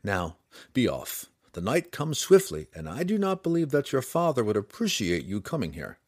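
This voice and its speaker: Man doing a hushed, weary elf ranger. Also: wildly swooping pitch, no room sound, studio quality. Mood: solemn. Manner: low, quiet and solemn, slow measured speech. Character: grave dark elf ranger, weary and noble. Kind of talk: audiobook character voice.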